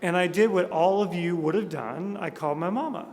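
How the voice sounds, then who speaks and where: A man's voice: high-pitched, a little fast, darkish tone, slight background noise. Man telling jokes in an echoey hall. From Montana. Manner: self-deprecating storyteller, jokey asides. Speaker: speaker at a conference. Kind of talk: humorous keynote speech. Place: large conference hall. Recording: echoey hall with long reverb.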